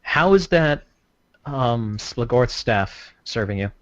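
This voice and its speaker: A man's voice: medium pitch, animated, takes it slowly, a bit bright, dry recording. Friendly male player on a dull mic. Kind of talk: casual tabletop game talk.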